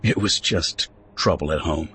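A man's voice: rumbling low, measured pace, pushed and bright, a little hiss or hum, pitched below the performer's own voice, exaggerated voice. A man doing an earnest young settler. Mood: apologetic. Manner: earnest and pleading. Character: earnest young male settler, awkward and persuasive.

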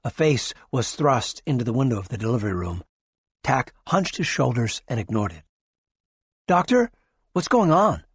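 Husky male audiobook narrator. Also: mid-range voice, animated, fairly quick, no echo. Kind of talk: scripted narration.

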